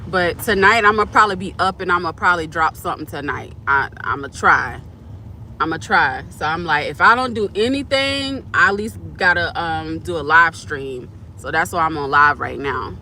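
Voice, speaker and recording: A woman's voice: deep voice, animated, moderate pace, pushed and bright, a little hiss or hum. A woman live-streaming from her parked car, chatting casually and answering viewers' comments. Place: parked car at a curbside pickup.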